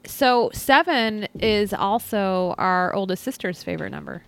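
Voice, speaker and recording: A woman's voice: medium pitch, a little slow, a bit bright, smooth, no echo. A young adult woman co-hosting a podcast, chatting bluntly and swearing casually. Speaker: podcast co-host. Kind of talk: casual chat.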